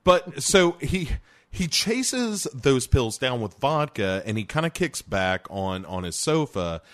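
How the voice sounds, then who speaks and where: A man's voice: medium pitch, very animated, takes it slowly. A man co-hosting a casual film review chat, giving wry, sarcastic commentary with the odd curse. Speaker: podcast co-host reviewing a film.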